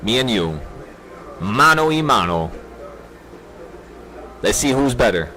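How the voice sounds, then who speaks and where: A man's voice: mid-range voice, very animated, takes it slowly, bright, forceful tone. A man leading a trading group, giving an intense, preachy livestream pep talk with profanity and a lot of repetition.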